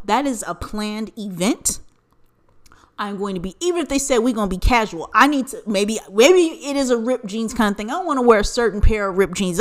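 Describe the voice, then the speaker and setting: A woman's voice: on the high side, fairly bright tone. Profane, ranting American woman podcaster. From United States. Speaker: podcast host. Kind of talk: casual solo commentary.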